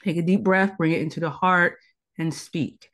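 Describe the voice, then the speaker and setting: A woman's voice: fairly low pitch, fairly even intonation, normal speed, fairly bright tone. A woman teaching tantra as a guest in a conversational interview, earnest and instructive, laying out her advice as numbered tips.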